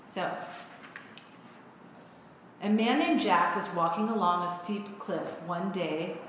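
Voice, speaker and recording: A woman minister preaches slowly and without hurry, telling a story and then teaching from it. Her voice rings through a big, echoey church sanctuary with a long reverb tail and faint room noise. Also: lowish voice, fairly bright tone. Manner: storytelling, unhurried. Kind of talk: sermon. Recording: echoey hall.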